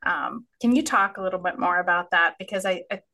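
A woman in her forties co-hosts a podcast in a low, bright voice with a gravelly edge. She chats loosely and laughs between phrases. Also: a little fast. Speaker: podcast co-host. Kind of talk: casual podcast chat.

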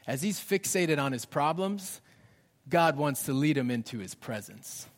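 High-voiced pastor preaching in a reverberant hall. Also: male voice, lively intonation, measured pace. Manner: dynamic, drops to hushed near-whispers for emphasis. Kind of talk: sermon.

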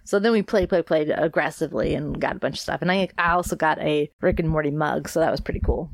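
A congested woman chats through a solo podcast episode with an upbeat, rambling manner. Her voice sits low and gravelly, and the recording is dry and close. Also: expressive, fast, few pauses, no room sound. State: congested from allergies. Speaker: podcast host. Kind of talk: casual solo podcast chat.

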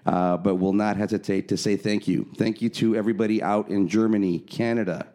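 A man's voice: lowish voice, steady tone, fairly quick, mellow. A man co-hosting a casual podcast, talking loosely with fillers and easy laughter. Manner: conversational, frequent fillers, laughs easily. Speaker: podcast co-host.

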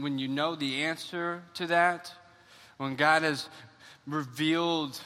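Man preaching in church, high bright voice, stumbles and repeats words, big echoey hall. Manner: animated storytelling, repeats words when excited. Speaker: pastor. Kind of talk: sermon with personal story. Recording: long church hall reverb.

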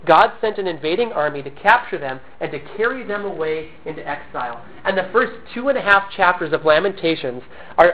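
A man preaching a sermon, earnest and emphatic, with self-deprecating humorous asides, still recovering from a cough. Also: fairly high pitch. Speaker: pastor. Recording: tinny phone-like sound.

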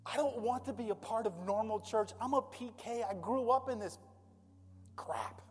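A man's voice: very high-pitched, moderate pace, husky, long reverb tail. A man preaching a sermon as a pastor, in a conversational and impassioned way. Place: church sanctuary.

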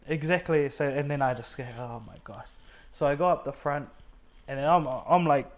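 A man's voice: on the high side, moderate pace. Nz guy in his 30s, earnest, telling his testimony, acts out what everyone said, lots of ums. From New Zealand. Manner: earnest, acts out his own and others' quoted words, many fillers. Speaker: guest sharing a faith testimony. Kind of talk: personal storytelling in conversation.

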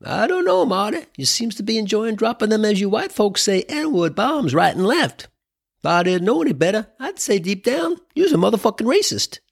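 A man's voice: high voice, very animated, moderate pace, creaky, breathy edge, voice pushed up, heavily acted. Brief: man playing a cocky, ribbing actor, voice jumps way up, lots of swing. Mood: teasing. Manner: needling, slangy. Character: teasing male actor, cocky and playful.

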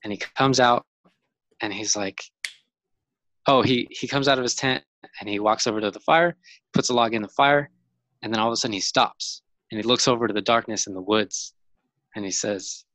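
Low-voiced man telling a story. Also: normal speed, long pauses, a bit bright, no echo, low-quality recording. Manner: rambling, many fillers and restarts. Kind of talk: casual storytelling.

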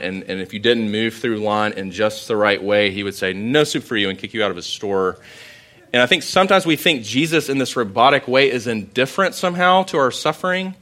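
Bright-voiced man preaching a sermon. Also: mid-range voice. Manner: conversational storytelling, animated emphasis. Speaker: pastor.

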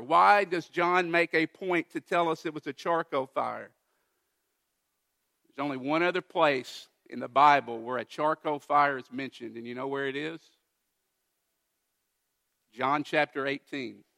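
A man preaching a sermon, retelling a Bible passage with lively, emphatic quoted dialogue. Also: on the high side, a little slow, creaky, long pauses. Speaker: pastor.

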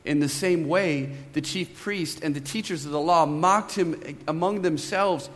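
A pastor in his thirties with a high-pitched voice preaches a sermon to his congregation, his words ringing with a long reverb through the church sanctuary. He reads scripture with dramatic, drawn-out emphasis and swells, and tells stories in a relaxed, chatty way full of asides to the listeners.

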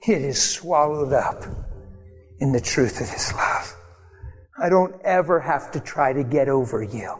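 A man's voice: mid-range voice, unhurried, breathy edge. A man preaching a sermon to a congregation, telling a personal story and acting out prayers. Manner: animated storytelling, acts out prayers and voices. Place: church hall. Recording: long hall reverb, faint music.

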